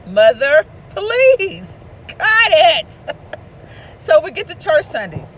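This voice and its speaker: A woman, an author and speaker, telling a lively personal story and hollering out the voices she quotes. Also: high-pitched, takes it slowly. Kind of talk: casual storytelling.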